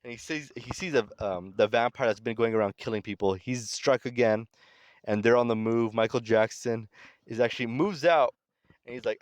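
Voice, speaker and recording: A man casually recapping a comic story in relaxed, conversational commentary. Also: mid-range voice, moderate pace, no echo. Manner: relaxed, conversational, reads characters' lines aloud in his own voice. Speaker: manga recap channel host.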